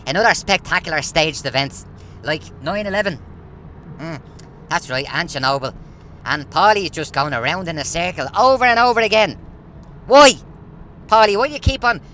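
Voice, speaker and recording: Ranting man, bright voice. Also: fairly high pitch, slight background noise. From Ireland. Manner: ranting, repetitive, rhetorical questions. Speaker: vlogger. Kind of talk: casual monologue to camera.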